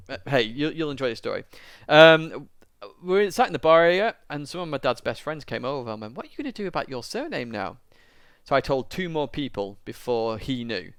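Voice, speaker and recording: A man's voice: medium pitch, a bit bright, clean tone, dry recording, studio quality. A young man, a YouTuber, telling a long personal story to camera in a rambling, casual way. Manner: rambling, lots of fillers, tearing up at moments.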